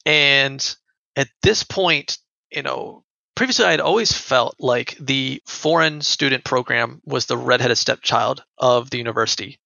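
Young male storyteller, gravelly and earnest, sharp tone, lo-fi dry recording. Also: medium pitch, a little slow, no room sound. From United States. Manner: earnest, repeats words when upset. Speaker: guest telling a personal story. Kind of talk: conversational storytelling. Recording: dull lo-fi dry sound.

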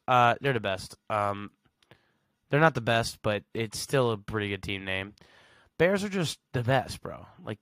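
Low gravelly man casually chatting. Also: pushed and bright, dry recording. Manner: slangy, reads facts aloud and reacts with blunt verdicts. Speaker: podcast host. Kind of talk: casual solo podcast chat.

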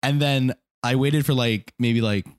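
A young man co-hosting a podcast in casual chat, telling stories in an animated way and acting out what others said. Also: a little slow, no room sound, clean studio sound. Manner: animated storytelling, acts out quotes with big pitch jumps. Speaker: podcast co-host asking questions.

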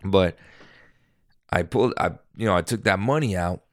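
Low-voiced man rambling through a story. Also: normal speed, no echo, studio quality. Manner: rambling, profane, frequent self-corrections. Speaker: podcaster. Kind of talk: casual storytelling. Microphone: podcast microphone.

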